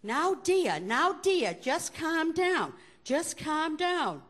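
A woman's voice: sits high, sing-song, fairly bright tone, pitched above the performer's own voice, exaggerated voice. A woman playing a flustered older nun with a Boston accent, who tries to soothe someone by drawing out her words. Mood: placating. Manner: drawn-out soothing.

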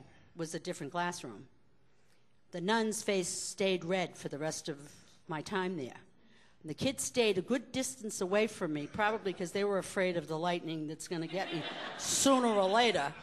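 An older woman spins a story for a live crowd, her voice swooping high and low as she leans into the drama. She keeps it chatty and wry, with sly little asides to her listeners. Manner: animated, conversational, chuckling asides.

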